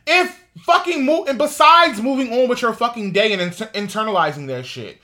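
A man with a high, bright voice holds forth as a podcast co-host. He rants with heat and swears freely. His pitch swoops all over as he talks. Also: expressive, brisk. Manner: profane, heated ranting. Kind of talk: casual gossip chat.

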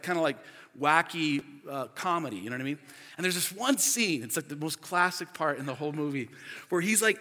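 A man in his forties preaching a sermon as pastor, energetic and chatty, laughing often and full of filler words. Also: high voice. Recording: long reverb of a large hall.

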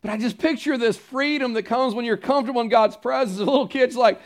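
A man's voice: extremely high pitch, fast, hardly any pauses. A male pastor preaching a sermon, earnest and emphatic, repeating key phrases and turning to the congregation with casual asides.

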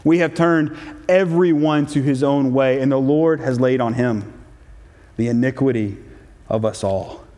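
A man preaching a sermon, reading scripture in a measured, solemn way and stressing key phrases. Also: mid-range voice, mellow. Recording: long hall reverb.

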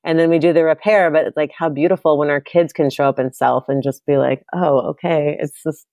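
Low-voiced reflective woman podcast host. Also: fairly even intonation, fairly quick, darkish tone, dry recording. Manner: reflective, searching, many fillers and restarts. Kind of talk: casual heartfelt conversation.

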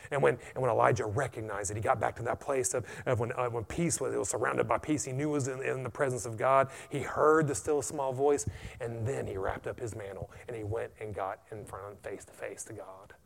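A man with an American accent preaching a sermon, repeating "amen" and swinging between loud and hushed delivery. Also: medium pitch, steady tone, a little fast, vocal fry. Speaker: pastor.

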